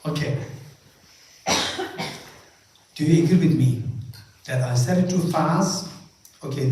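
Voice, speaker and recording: A man leading a Buddhist retreat session, teaching with live exercises, playfully quizzing his audience and laughing often. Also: mid-range voice. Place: large echoing monastery hall. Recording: echoey hall from far off with faint noise.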